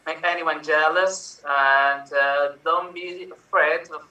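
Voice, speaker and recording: A man's voice: on the high side, steady tone, slow pace, pushed and bright. Cheerful man in an echoey room. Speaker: improv player. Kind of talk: casual chat on a video call. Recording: echoey room, distant mic.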